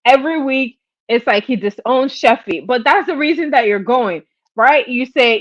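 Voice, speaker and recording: A woman hosting a live stream, telling gossip in a chatty, animated way and acting out quotes. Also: sits high, moderate pace, no echo, dull audio. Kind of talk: casual gossip commentary.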